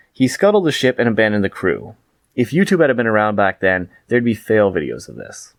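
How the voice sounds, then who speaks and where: Low-voiced man reading a book review. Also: no echo.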